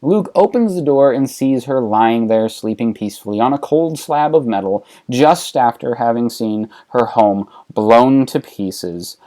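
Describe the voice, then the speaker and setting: A man's voice: medium pitch, animated, unhurried, few pauses, mellow. A man telling a comedic retelling of a space saga in a casual, offhand way. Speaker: host and narrator. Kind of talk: comedic storytelling narration.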